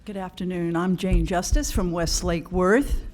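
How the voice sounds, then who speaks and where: A woman's voice: on the low side, measured pace, a little mellow. A woman reading a prepared public comment at a county meeting in an earnest way.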